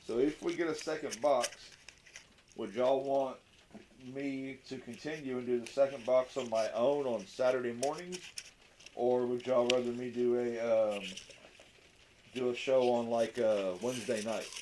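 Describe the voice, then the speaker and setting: A man talks casually on a livestream in a rambling, joking way. His voice sits at a middle pitch. A clear steady noise runs under the recording. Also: measured pace. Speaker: co-host of a coin roll hunting livestream. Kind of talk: casual chat.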